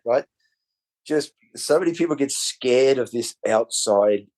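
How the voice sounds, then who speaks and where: A man, a podcast guest, telling animated stories in casual conversation and swearing freely. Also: mid-range voice, measured pace.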